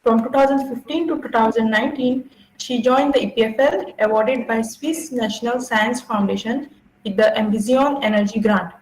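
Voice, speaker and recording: A woman's voice: on the high side, normal speed, reverberant, slight background noise, rough recording. A woman hosting an academic webinar, reading a formal introduction of the guest with hesitant fillers. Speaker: webinar host. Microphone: video call.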